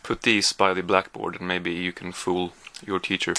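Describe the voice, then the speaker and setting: A man's voice: low voice, little pitch movement, normal speed, pushed and bright, slight background noise. A man chatting casually through a taste-test vlog, hesitant with lots of fillers, sometimes talking while chewing. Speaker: vlogger.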